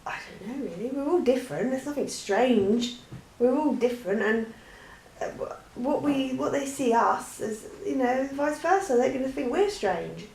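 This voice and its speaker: A woman's voice: sits high, expressive, moderate pace, a little mellow, a little hiss or hum. Chatty woman in an echoey room. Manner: chatty, rambling, hesitant with many restarts. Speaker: vlogger. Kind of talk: casual Q&A chat.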